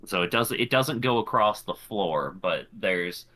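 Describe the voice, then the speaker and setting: Low, bright-voiced male game master. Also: lively intonation, unhurried. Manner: filler-heavy, descriptive narration. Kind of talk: narrating a tabletop game.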